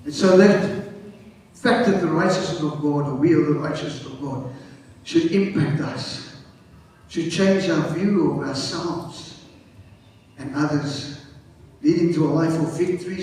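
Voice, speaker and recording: A man preaching a sermon as pastor, calling out to the congregation for responses and swinging between loud, high exclamations and low, quiet passages. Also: measured pace, long pauses, slight background noise. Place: church hall. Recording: echoey hall, voice picked up from a distance.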